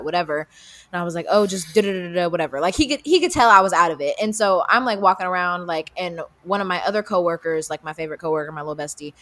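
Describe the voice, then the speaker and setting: A woman's voice: lowish voice, a bit bright. A young woman co-hosting a podcast, retelling a story casually with lots of fillers, swearing, and acted-out quotes. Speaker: podcast co-host.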